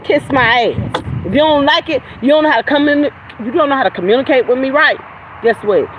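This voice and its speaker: A woman hosting a livestream, delivering a heated, profane, confrontational rant that swings from loud outbursts to low mutters. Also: fairly quick. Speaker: livestream host. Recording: outdoor traffic noise behind voice.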